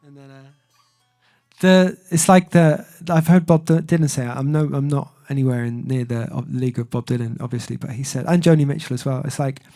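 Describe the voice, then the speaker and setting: A man's voice: medium pitch, a little fast, warm tone. A man chatting casually on his music livestream, rambling and self-deprecating, with lots of fillers. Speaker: singer-songwriter streamer.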